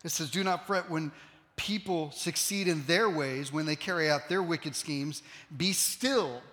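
High, bright-voiced man preaching in a hall. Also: unhurried. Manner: swings from loud emphatic preaching to quiet intense asides. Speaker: pastor. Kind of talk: sermon. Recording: long hall reverb.

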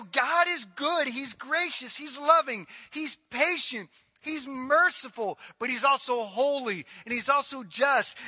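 A middle-aged male pastor preaches in an extremely high-pitched, sharp voice with no echo. He is emphatic yet conversational, building his points through repetition.

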